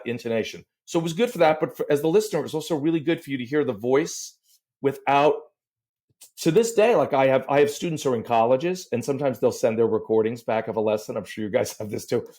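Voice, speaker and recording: A middle-aged man talking as a guest on a podcast. He tells animated stories and sometimes breaks into short sung syllables. His voice sits at an ordinary pitch for a man. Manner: animated storyteller, sings demo syllables. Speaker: voice teacher and guest. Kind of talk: podcast interview.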